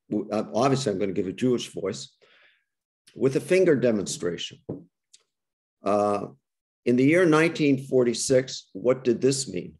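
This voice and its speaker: A man's voice: mid-range voice, a little mellow. An older man, a rabbi, gives a reflective interfaith talk over a video call, often restarting his phrases and then posing rhetorical questions to his listeners. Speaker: rabbi and guest speaker.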